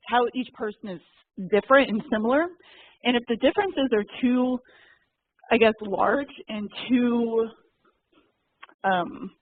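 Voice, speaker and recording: Brief: higher-voiced woman, chatty and frank, heard over a tinny dry call line. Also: no room sound. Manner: chatty and candid, many fillers. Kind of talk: casual chat. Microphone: call audio, muted and unmuted. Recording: thin phone-like dry call audio.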